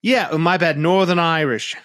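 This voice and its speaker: A man's voice: on the high side, measured pace, fairly bright tone, no room sound, clean studio sound. A man co-hosting a sports podcast in a casual, gossipy way, often repeating and restarting his words. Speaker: podcast co-host.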